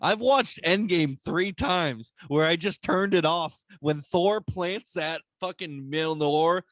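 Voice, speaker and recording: A young man hosting a podcast in casual chat, excitable and profane, rambling with lots of restarts. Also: a little high, slow, dry recording.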